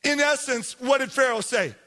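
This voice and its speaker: High-voiced, animated male preacher. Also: moderate pace. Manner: animated, calls for congregation responses. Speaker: pastor. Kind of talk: sermon.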